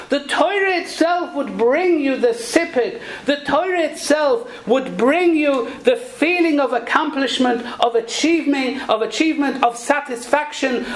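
A woman teaching Torah in a sermon, telling a parable and mixing in Hebrew and Yiddish terms. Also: sits high. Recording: echoey room.

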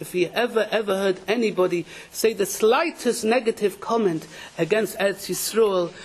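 A man with teaching a Torah class, telling stories with dramatic energy and raising his voice when quoting people. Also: high voice. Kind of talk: animated religious lecture with acted-out stories.

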